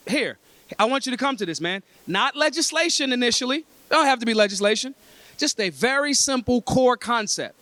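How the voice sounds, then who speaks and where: Blunt streetwise man with a high voice. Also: fairly bright tone, no echo. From Philadelphia. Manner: streetwise, emphatic, swears freely. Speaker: convention speaker. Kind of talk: blunt, profane talk to a room. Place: indoor convention breakfast.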